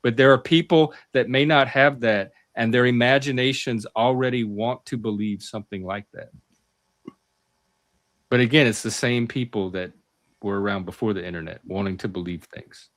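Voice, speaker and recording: A man hosting a casual talk, pressing his point with emphasis and stumbling over his first words now and then. His voice sits at an ordinary middle pitch and is recorded dry and close, with no room sound. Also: steady tone, normal speed, a bit bright, no room sound. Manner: emphatic, argumentative, repeats words when starting. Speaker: host. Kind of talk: casual discussion.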